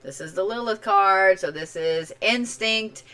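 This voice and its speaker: A woman from Oklahoma with a slight Oklahoma accent, giving a chatty, playful zodiac reading on a live stream, swinging between loud and soft. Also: mid-range voice, measured pace, smooth. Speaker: tarot and zodiac reader. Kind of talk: casual livestream reading.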